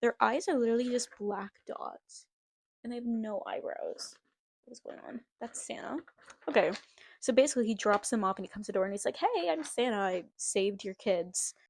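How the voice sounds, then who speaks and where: A woman's voice: on the high side, fairly even intonation, a little fast, vocal fry. A young woman vlogger reading an old story aloud with amused, self-mocking commentary.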